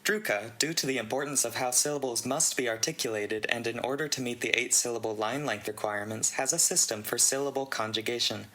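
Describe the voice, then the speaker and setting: A man with a bright, forward voice reads a long technical write-up aloud. His delivery is steady and even, with the odd dry aside. He sounds like a host working through a text. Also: mid-range voice, brisk, few pauses, low-quality recording. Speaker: channel host reading a contest entry. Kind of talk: reading a conlang write-up aloud.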